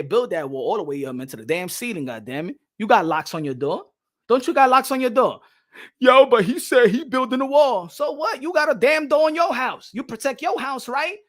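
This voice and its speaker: A man's voice: very high voice, lively intonation, moderate pace, a bit bright. A man giving a brash, profane comedic rant, mixing in Spanish. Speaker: comedic commentator.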